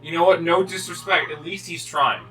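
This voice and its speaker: A man's voice: a little high, moderate pace, fairly bright tone, far from the mic, soft background music, low-quality recording. A young man co-hosting a gaming video, telling a rambling, swearing story with many restarts. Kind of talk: casual chat while playing.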